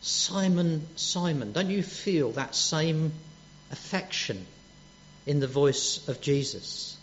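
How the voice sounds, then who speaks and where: A man preaching a sermon, gentle and earnest, dropping soft on quoted words. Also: on the high side, animated, takes it slowly, a little hiss or hum. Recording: dull lo-fi church recording.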